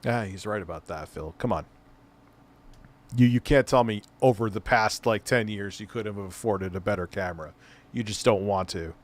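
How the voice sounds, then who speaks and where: A man's voice: on the low side, moderate pace. A middle-aged man hosting a live stream, reacting to a clip with casual, mocking, profane commentary.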